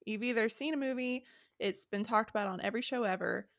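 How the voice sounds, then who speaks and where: A woman's voice: on the high side, fast talker, no room sound, clean studio sound. A woman guesting on a podcast, chatting casually about history and laughing at her own stumbles over words.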